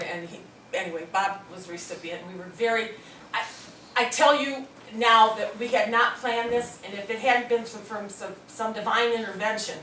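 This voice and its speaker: A woman's voice: mid-range voice, slight background noise. A middle-aged woman telling a story to an audience in a hospital meeting room, acting out other people's words as she goes. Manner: animated, acts out quoted voices. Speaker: speaker at a hospital presentation. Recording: echoey room, mic from a distance.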